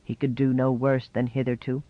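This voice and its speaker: A man reading a novel aloud in measured, scripted narration. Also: medium pitch, flat delivery, no echo, highs cut off. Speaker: audiobook narrator.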